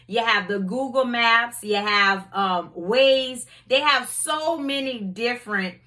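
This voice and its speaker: A woman's voice: fairly high pitch, takes it slowly, pushed and bright. A woman hosting her own faith talk show, reading scripture and telling everyday stories in a conversational way. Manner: conversational, storytelling, many "you know"s. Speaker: host.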